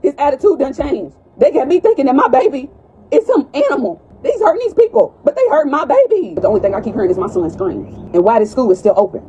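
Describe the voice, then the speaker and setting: A woman's voice: high voice, very animated, fast talker, warm tone, lo-fi sound, slight background noise. A mother confronting school staff indoors, distraught and pleading, repeating her accusing questions, filmed on a phone.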